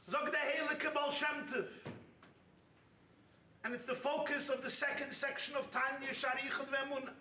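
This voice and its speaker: A man, a rabbi, giving an animated, humorous sermon at a retreat and acting out the people he quotes. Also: very high voice, recorded from a distance. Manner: animated, acts out quoted voices, jokes. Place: retreat hall with audience. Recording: echoey hall, voice picked up from afar.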